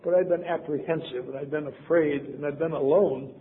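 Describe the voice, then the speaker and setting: A man's voice: on the high side, steady tone, a little fast. An older man from Wisconsin telling a personal story with wry, self-deprecating humor. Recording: tinny phone-like sound, faint noise.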